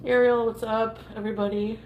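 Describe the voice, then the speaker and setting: A woman rambles on through a casual cooking live stream, with giggles slipping in between her remarks. Her voice sits a little high, and a faint hiss of noise runs underneath. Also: level tone, fairly quick, dull audio. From Canada.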